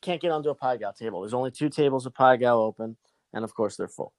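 A man's voice: mid-range voice, fast talker, no room sound. A young man casually telling a long, profane gambling story to a friend.

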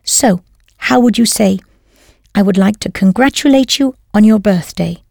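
A woman narrates a scripted audio language lesson, prompting the learner patiently and then confirming each answer, in the role of language teacher. Her medium-pitched voice is gravelly and warm, moving at a moderate pace, recorded dry with clean studio sound.

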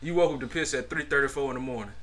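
A man with a Southern US accent, co-hosting a casual podcast, reading listener posts aloud and riffing on them in profane, animated talk. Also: mid-range voice, very fast. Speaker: podcast co-host.

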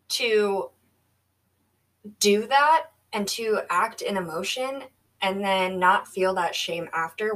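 A woman hosts her own podcast in a solo monologue, speaking earnestly and reflectively as she coaches herself. Her voice sits at a middle pitch. She sounds a little away from the microphone. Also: fairly bright tone, recorded from a distance, rough recording. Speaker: podcast host.

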